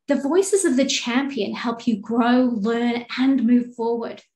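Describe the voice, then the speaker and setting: A woman, a life coach, giving a calm, measured, encouraging coaching talk. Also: a little high. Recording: echoey room.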